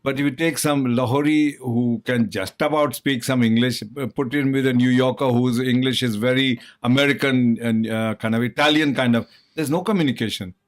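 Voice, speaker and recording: Talk host: man, mid-pitched, casual, rambling with fillers. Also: fairly even intonation, normal speed, hardly any pauses. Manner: chatty, rambling, frequent uh fillers. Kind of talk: casual chat.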